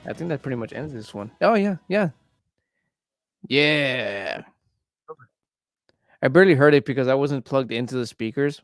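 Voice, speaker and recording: Smooth, dry-sounding casual male host. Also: mid-range voice, animated, moderate pace, pauses often, no echo, soft background music. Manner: rambling, heavy on "like" fillers. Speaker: livestream host. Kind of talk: casual chat.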